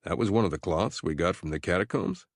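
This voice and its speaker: A man's voice: low-pitched, quick pace, no room sound. A man voicing a tough male navy commando who talks tersely with dry humor in an audiobook. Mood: wry. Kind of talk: audiobook character voice.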